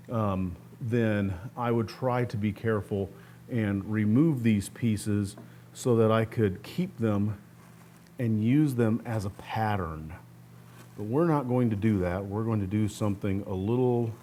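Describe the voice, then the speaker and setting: A man's voice: fairly low pitch, slight background noise. A man hosting a restoration channel, talking casually through a hands-on project step by step while he works in a workshop. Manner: relaxed, plainspoken explaining while working. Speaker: host of a guitar restoration channel. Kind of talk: casual step-by-step how-to talk.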